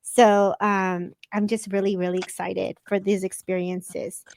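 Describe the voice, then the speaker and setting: A woman hosting a live show and giving an intuitive reading, effusive and emotional, speaking in quick bursts. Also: medium pitch, level tone, gravelly, darkish tone. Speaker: psychic reader and live show host.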